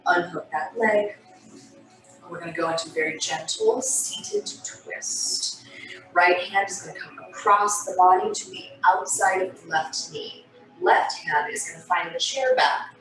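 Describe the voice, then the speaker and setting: A woman talks a class through gentle stretches, her voice soothing and breathy with the odd sigh. Her voice sits a little low. She sounds far from a laptop mic in a very echoey room, with clear music playing behind her. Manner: soothing, breathy cues with sighs and yawns. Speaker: stretching instructor. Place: home room on a video call. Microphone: laptop mic on a video call. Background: background music.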